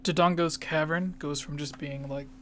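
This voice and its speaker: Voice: mid-range voice, normal speed, slight background noise. Podcast host reading listener questions. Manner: relaxed, reads listener questions aloud. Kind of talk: casual podcast chat.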